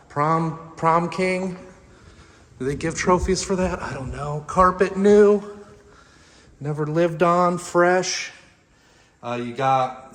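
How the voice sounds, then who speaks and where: Here a real estate agent with a slightly high, fairly bright voice and a Texan accent gives a casual tour inside a house and out into the backyard, filming on a handheld camera. He jokes and chats as he walks, slightly out of breath, listing things off rapidly.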